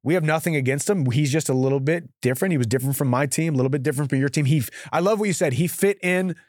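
A man's voice: a little high, very fast, a little mellow, no echo, clean studio sound. A man in his thirties hosting a casual podcast chat, rambling and restarting his sentences. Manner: chatty, rambling with frequent restarts. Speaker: show host.

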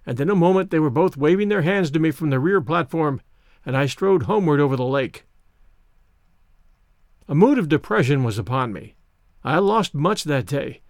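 A man's voice: a little high, dry recording. Man reading a novel aloud, dry close sound. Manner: measured, literary first-person reading. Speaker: audiobook reader. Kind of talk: scripted narration.

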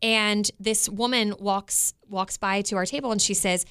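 A woman in her thirties co-hosting a podcast, telling stories in an animated way and laughing often. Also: mid-range voice, measured pace, clean tone. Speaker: radio co-host. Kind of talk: casual podcast chat.

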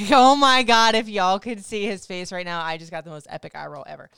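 A woman in her forties co-hosting a casual couple chat, animated and teasing, swearing freely. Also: lowish voice, quick pace, vocal fry, smooth, no echo, clean studio sound. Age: 40s. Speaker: podcast co-host.

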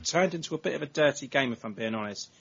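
A man's voice: mid-range voice, lively intonation, fast, gravelly, breathy edge. An English man hosting a football podcast, hesitant and thinking aloud in casual chat. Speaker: podcast host. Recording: dull lo-fi audio.

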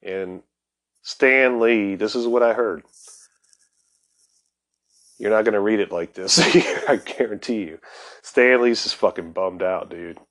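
Profane, excitable man telling comics history. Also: on the low side, slow, long pauses. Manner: profane, excitable storyteller who laughs often. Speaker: podcast host. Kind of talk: casual comics commentary.

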